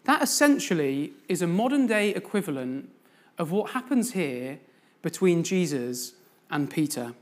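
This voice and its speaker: A man's voice: a little high, sing-song, a little slow. A man giving a sermon as a guest preacher in a church, telling a story and putting questions to the congregation.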